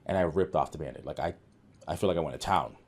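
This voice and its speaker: A man with a very deep, slightly rough voice talks fast. He's an office manager guesting on a podcast, telling workplace stories in casual, earnest conversation, animatedly acting out quoted dialogue and restarting often.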